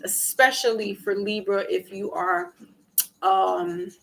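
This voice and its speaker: A woman's voice: mid-range voice, sing-song, slow pace, vocal fry, a bit bright, rough recording. A woman giving a casual tarot reading to her viewers, chatty and talking to people in the chat by name. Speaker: tarot reader. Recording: music playing behind.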